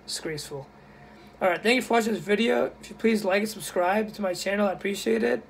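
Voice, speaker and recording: A young man ranting casually to his camera, indignant and blunt, in a husky voice. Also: high voice, quick pace, slight background noise. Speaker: YouTuber.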